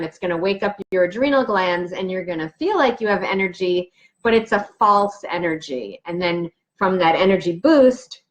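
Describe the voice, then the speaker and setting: A woman naturopathic doctor giving an explanatory health talk to camera, chatty and emphatic, working through questions from her notes. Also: mid-range voice.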